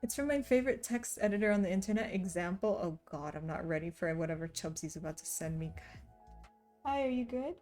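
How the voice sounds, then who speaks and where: A woman's voice: on the low side, fairly even intonation, quick pace, hardly any pauses, a little mellow, soft background music. A woman streamer chatting casually and reading chat messages aloud, laughing often. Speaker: streamer reading chat while cross stitching.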